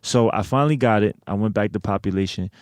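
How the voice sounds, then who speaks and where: A man's voice: lowish voice, fast, a little mellow, no room sound, clean studio sound. A man telling a personal story in a casual interview, swearing a lot and leaning on filler phrases. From United States. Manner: profane, streetwise, lots of filler phrases. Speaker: interview guest.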